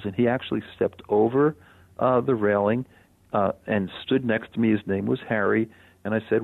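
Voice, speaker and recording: An older man, a radio guest, telling a personal story in a reflective, animated way with soft chuckles. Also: on the low side, normal speed, vocal fry, no room sound. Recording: phone-line radio interview.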